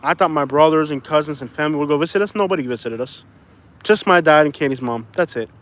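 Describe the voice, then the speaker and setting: A man's voice: a little high, fast, fairly bright tone. Frustrated young man venting on a live stream. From Florida. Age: young adult. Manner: frustrated, venting, apologetic about swearing; says "bro" and "like" often. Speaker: YouTuber reading live chat. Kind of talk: casual live-stream rant.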